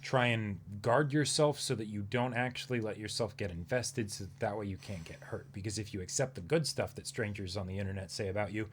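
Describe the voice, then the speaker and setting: A man's voice: fairly low pitch, a little fast, few pauses, a little hiss or hum. Reflective man in casual chat. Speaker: co-host of an anime reaction show.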